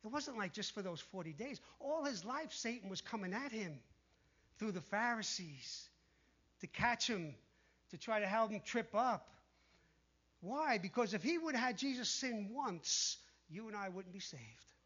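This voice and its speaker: A man preaching a sermon in an animated way, dropping to a hush when he quotes the tempters. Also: sits high, measured pace, slightly rough. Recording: dull lo-fi sound.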